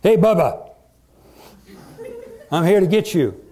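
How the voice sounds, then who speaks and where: A preacher voicing a confident young shepherd boy who shouts back boldly. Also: high voice, very animated, takes it slowly, pitched above the performer's own voice, full character voice.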